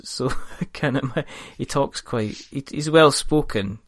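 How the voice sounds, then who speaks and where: A man's voice: mid-range voice, slow, dry recording. A man hosting a gaming podcast, chatting casually in a rambling, jokey way. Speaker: podcast host. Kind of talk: casual chat.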